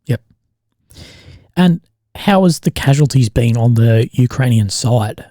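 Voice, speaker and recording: Brief: Aussie male host, mid-pitched mellow tone, easygoing and profane, dry close mic. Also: lively intonation, no echo. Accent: Australian. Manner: chatty, swears, quick to laugh. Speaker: podcast host. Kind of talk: casual conversational interview.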